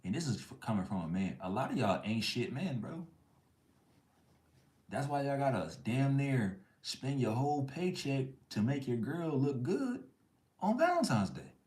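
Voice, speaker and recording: A man's voice: medium pitch, sing-song, measured pace, a little mellow, roomy sound. A man hosting a live chat stream, ranting bluntly in heavy slang. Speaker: livestream host.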